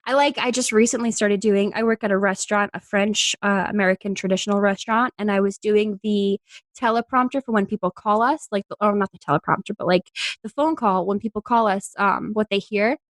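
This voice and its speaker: In a casual interview, a young actress from New York laughs her way through her stories, giggly and animated. Her mid-range voice moves briskly. The recording is dry, with no room sound.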